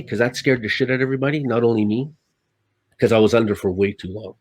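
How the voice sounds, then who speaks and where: A man who works as a stuntman, a guest telling stories in casual, animated talk, swearing often and acting out his own lines. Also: mid-range voice, fast. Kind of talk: casual storytelling.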